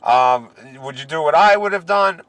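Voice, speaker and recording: A man in his thirties co-hosting a casual podcast, telling stories in a profane, animated way. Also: fairly high pitch, normal speed, dry recording. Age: 30s. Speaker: podcast co-host.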